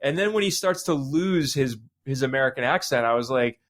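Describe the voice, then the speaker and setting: A man's voice: mid-range voice, animated, brisk. A man on a podcast panel, telling a story in casual discussion and acting out his own past reactions.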